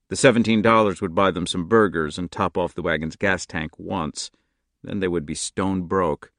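A man narrating a novel in a steady, measured audiobook reading, close to the mic. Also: sits low, no room sound. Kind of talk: scripted narration.

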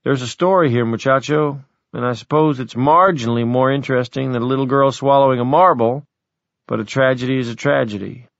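A man's voice: medium pitch, fairly quick, gravelly, no room sound, lightly acted. A man doing a wry, blunt middle-aged man. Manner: brooding, wry, then excited. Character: blunt, worldly middle-aged man, peppers talk with Spanish. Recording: dull, dry audiobook recording.

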